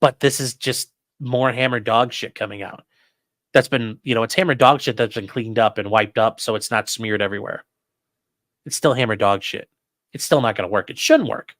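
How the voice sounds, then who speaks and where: Blunt, profane man, bright voice. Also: mid-range voice, normal speed, no room sound, clean studio sound. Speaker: lawyer and commentary host. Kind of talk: live-stream legal commentary.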